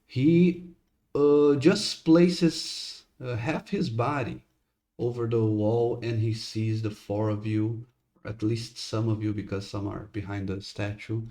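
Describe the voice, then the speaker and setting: A man narrating as game master in a tabletop game, unhurried and pausing with fillers. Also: on the low side, fairly even intonation, warm tone.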